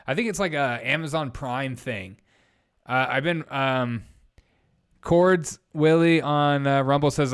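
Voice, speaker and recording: Rambling young man, smooth clear voice. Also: mid-range voice, takes it slowly. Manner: blunt, rambling, reads chat aloud. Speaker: live-stream host. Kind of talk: casual live-stream chat.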